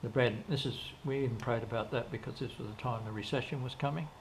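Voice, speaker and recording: An older man speaks as an interview guest, his medium-pitched voice moving fast as he tells long, rambling stories packed with restarts and quoted dialogue. It's casual storytelling, and faint background noise can be heard.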